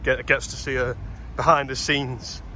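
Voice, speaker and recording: A man's voice: medium pitch, level tone, a little slow, bright, forceful tone, a little hiss or hum. A British man in his twenties, ranting and swearing as he tells stories while walking down a street. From Britain. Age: 20s. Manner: swearing, exasperated storytelling. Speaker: vlogger. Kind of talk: casual ranting vlog. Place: outdoors walking along a street.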